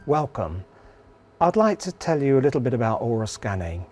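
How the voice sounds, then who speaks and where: A man calmly and earnestly presenting a spiritual healing course in an instructional video. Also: medium pitch, moderate pace, soft background music.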